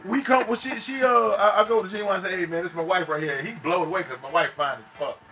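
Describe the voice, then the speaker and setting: A young man guesting on a casual podcast, telling stories in an animated, profane way and acting out other people's voices. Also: high-pitched, fast. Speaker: guest and concert host. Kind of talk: casual podcast chat, storytelling.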